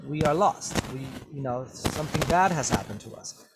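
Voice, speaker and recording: A man teaching an English vocabulary lesson, explaining words slowly and checking in with "okay?" after almost every phrase. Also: on the high side, expressive, noisy background. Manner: repetitive, drawn-out explanations with many "okay?" checks. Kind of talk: slow classroom vocabulary lesson.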